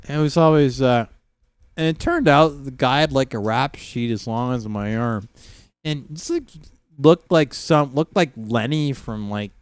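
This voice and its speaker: A man's voice: high-pitched, dry recording, clean studio sound. A middle-aged Canadian man with a Canadian accent, hosting a casual livestream and talking in a rambling, profane way with frequent laughter. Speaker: livestream host.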